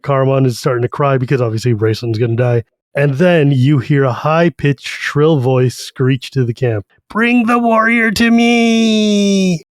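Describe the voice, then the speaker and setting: In a casual book-discussion podcast, a male co-host with a medium-pitched voice and no room sound retells a fantasy story animatedly, popping into swift character voices.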